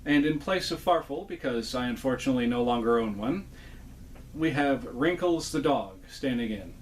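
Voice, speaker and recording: A man hosting a hands-on repair tutorial, explaining each step in a relaxed, folksy way. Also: medium pitch, moderate pace, slight background noise. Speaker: toy repair host and ventriloquist.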